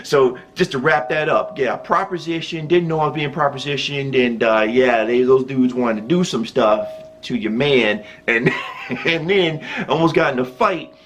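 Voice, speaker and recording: A man's voice: mid-range voice, normal speed, a bit bright. A man hosting his own vlog, telling a loose, rambling story and chuckling often as he goes. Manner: loose and rambling, with many restarts and fillers. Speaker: channel host.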